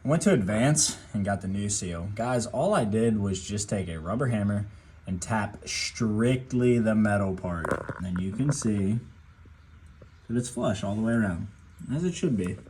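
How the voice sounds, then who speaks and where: A man with a fairly low voice talks viewers through a truck repair in a garage. His delivery is casual and loose, full of fillers, and there is a faint noise behind him. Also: expressive, unhurried, darkish tone. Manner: chatty, loose, addresses viewers as guys, many fillers. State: out of breath at times. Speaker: DIY mechanic. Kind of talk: casual how-to narration while working. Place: home garage.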